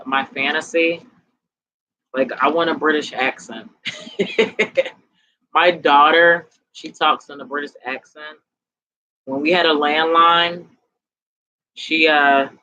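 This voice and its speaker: A woman giving tarot readings on a casual live stream, chatting in a relaxed, slangy way, tired and sweaty. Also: low-pitched, low-quality recording. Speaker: tarot reader.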